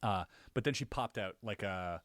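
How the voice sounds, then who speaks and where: A podcast co-host casually recounts his own experiences, an animated storyteller whose voice rises when he relives the scary bits. He talks at a normal speed, and the studio sound is clean with no room sound.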